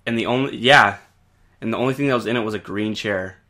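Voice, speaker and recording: A man's voice: on the low side, quick pace, bright, forceful tone. A man co-hosting a podcast, telling a ghost story in casual chat, rambling with lots of fillers and swearing. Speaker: podcast co-host.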